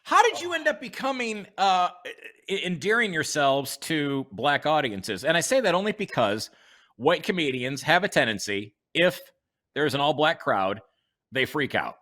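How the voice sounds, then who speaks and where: A man hosting a relaxed drinks-and-chat interview, tossing out questions and quick asides. His pitch swings widely and sits a bit high. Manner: friendly, reacts with quick asides. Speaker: talk show host. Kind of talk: casual interview.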